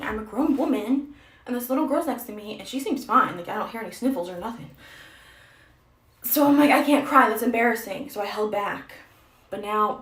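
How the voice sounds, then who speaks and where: A woman's voice: medium pitch, fairly bright tone, reverberant, poor audio. A young adult woman streaming a casual get-ready-with-me chat, rambling and self-deprecating.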